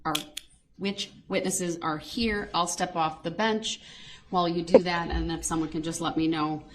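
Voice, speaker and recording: A woman's voice: lowish voice, steady tone, moderate pace. A woman judge speaking politely and procedurally in a courtroom. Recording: courtroom video with background noise.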